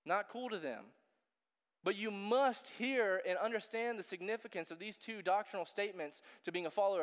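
A man's voice: high-pitched, big-room sound. A man preaching a sermon in a casual, joking way, full of fillers and asides. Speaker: pastor.

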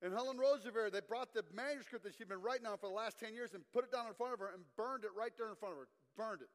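High-voiced preacher in a reverberant hall. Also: male voice, quick pace. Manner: animated storytelling preacher, asks the crowd to respond. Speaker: guest preacher. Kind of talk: sermon.

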